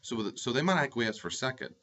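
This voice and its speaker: A man's voice: medium pitch, animated, fast, bright, forceful tone. A man speaking as a life coach, giving earnest parenting advice to camera and repeating key phrases for emphasis. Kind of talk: direct-to-camera advice talk. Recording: slightly dull lo-fi sound.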